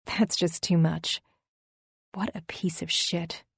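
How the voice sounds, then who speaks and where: Confiding girlfriend type, soft and hushed, lower-pitched and dry, read by a woman narrator. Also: little pitch movement, takes it slowly, gravelly, slightly rough, no echo, exaggerated voice. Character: gushing, conspiratorial female best friend. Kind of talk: audiobook character voice.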